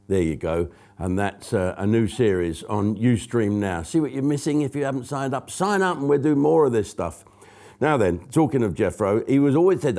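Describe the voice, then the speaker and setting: A man's voice: medium pitch, moderate pace, soft background music. A man hosting his own online comedy show, ranting bluntly and swearing freely. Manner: blunt, profane, animated. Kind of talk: profane comic rant to camera.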